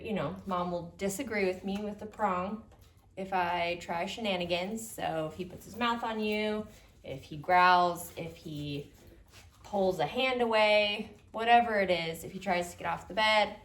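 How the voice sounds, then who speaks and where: A young adult woman dog trainer explaining a handling exercise during a session, with soothing, low-key praise for the dog between explanations. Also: measured pace. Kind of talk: hands-on training demonstration. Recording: roomy, distant mic, faint noise.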